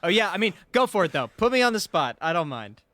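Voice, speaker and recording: A male voice actor and comedian, a guest on a podcast, chatting casually in a halting, self-deprecating way. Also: sits high, big pitch swings, pushed and bright, dry recording.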